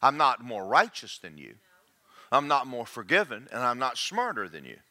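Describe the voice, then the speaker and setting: Male preacher, forceful bright delivery, wide swings in pitch, jokey and engaging with the congregation. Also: normal speed. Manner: animated, jokey, checks in with the congregation. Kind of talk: sermon.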